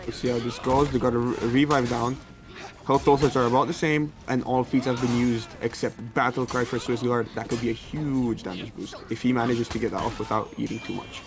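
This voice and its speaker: Steady male esports co-caster. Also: medium pitch, a little fast, over music. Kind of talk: color commentary.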